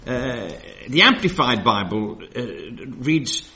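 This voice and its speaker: Guy giving a bible study sermon, mid pitch, leans hard on the verses, rambles a bit between them. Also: expressive, a bit bright. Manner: reads scripture slowly and emphatically, loose asides with fillers. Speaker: preacher.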